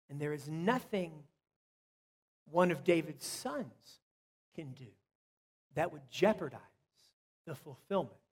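A man with a high voice preaches a sermon, stressing and repeating key phrases and then sinking to quiet asides. His voice rings with a long reverb, as in a church sanctuary. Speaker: pastor.

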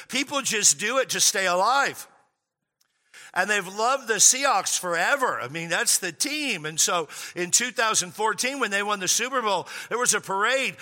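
Pastor guy preaching, high and very bright voice, joking around, big echo in the church hall. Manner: animated and joking, stretching key words out. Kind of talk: sermon.

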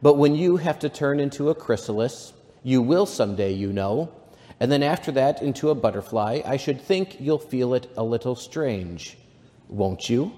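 A man's voice: mid-range voice, lively intonation, moderate pace, dark tone, close to an everyday voice. A man voicing a shy, polite, confused young girl from a storybook, hesitant in his delivery, with a long reverb behind him.

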